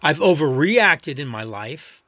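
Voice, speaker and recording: A man's voice: on the high side, very animated, measured pace, sharp tone, no echo. Reflective New York man, dry close sound. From New York City. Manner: rambling, reflective, understated. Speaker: podcast host. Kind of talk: casual personal monologue.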